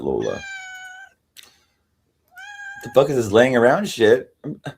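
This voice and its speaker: A tired man rambling through a casual livestream chat, halting and restarting often, swearing freely. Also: mid-range voice, wildly swooping pitch, gravelly, darkish tone, slight background noise. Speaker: livestream host.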